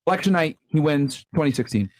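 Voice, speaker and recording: A man hosting a podcast in casual, animated chat, slangy and profane. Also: a little high, fast talker, no echo. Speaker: podcast host.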